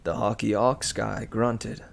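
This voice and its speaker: A man reads a novel aloud as a bedtime story, unhurried and very slow. His voice carries a gravelly fry, and he breaks off for relaxed, chatty asides to his listeners. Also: fairly low pitch.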